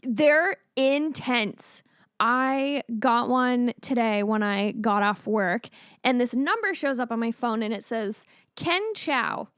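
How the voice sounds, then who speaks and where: Brief: woman podcast co-host, high voice, animated casual storyteller, dry close sound. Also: takes it slowly, smooth, no room sound.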